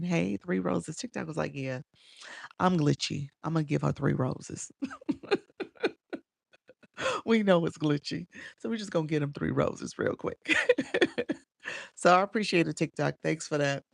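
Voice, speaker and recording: Chicago lady coaching folks on a live stream, gravelly voice, laughs a lot, dry close sound. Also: sits low, dry recording. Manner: chatty, laughs often, reads out viewer names. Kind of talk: casual live-stream coaching, greeting viewers.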